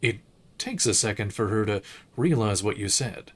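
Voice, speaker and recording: A man streaming a game, reading its narration aloud in a measured, unhurried way with occasional slips. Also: lowish voice, lively intonation, slightly rough.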